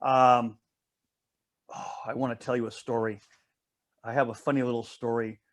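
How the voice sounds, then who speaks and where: A man's voice: medium pitch, level tone, moderate pace. A man leading a Bible study, teaching casually through a story and checking in with listeners often.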